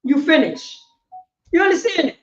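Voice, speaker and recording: A woman, teaching a class in a preaching style, emphatic and repetitive, swinging between loud bursts and quiet asides. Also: extremely high pitch, expressive, moderate pace. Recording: echoey room, muffled lo-fi sound.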